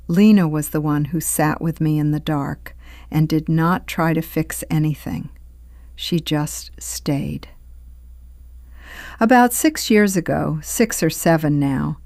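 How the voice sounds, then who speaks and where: An older woman telling her own story in scripted first-person narration, slow and reflective, sometimes sinking to a near whisper. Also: low-pitched, a little mellow, no room sound, clean studio sound.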